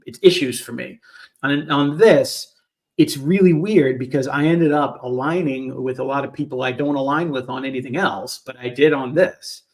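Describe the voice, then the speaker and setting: A man's voice: medium pitch, normal speed, a little mellow. A man co-hosting a casual podcast, talking bluntly and emphatically about politics, cursing freely. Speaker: podcast co-host.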